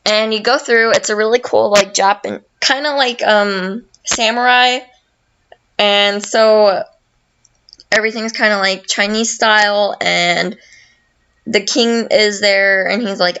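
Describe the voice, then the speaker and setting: A woman's voice: mid-range voice, fairly even intonation, a bit bright, smooth, lo-fi sound. A young woman hosting a podcast, retelling a story casually in a rambling way, with a lot of swearing and fillers. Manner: slow and rambling, heavy swearing, many fillers. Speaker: podcast host.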